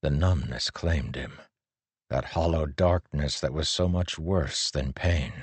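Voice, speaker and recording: Brief: somber male audiobook narrator, very low and husky, slow. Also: dry recording. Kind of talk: scripted narration.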